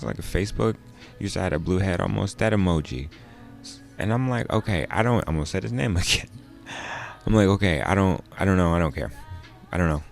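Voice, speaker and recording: A young man, a comedian, telling a personal story in a loose, profane, animated way, often jumping up into high exclamations. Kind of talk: storytelling monologue.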